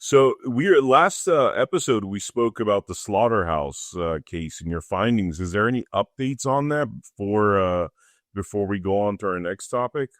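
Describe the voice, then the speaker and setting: A man's voice: lowish voice, animated, normal speed, dry recording, studio quality. Easygoing male podcast host. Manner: easygoing, laughs often, brief affirmations. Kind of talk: casual interview hosting.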